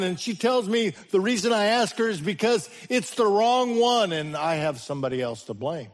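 A man preaching a sermon as the pastor, his voice swinging between sudden loud rises and slow, hushed drops. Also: high-pitched, animated.

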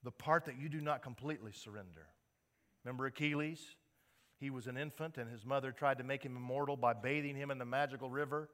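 A male pastor preaches to his congregation with a bright, forceful voice. He swells into emphatic, impassioned peaks and then falls back to quiet earnestness. The sound is that of a Sunday church service. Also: mid-range voice, quick pace. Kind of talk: sermon.

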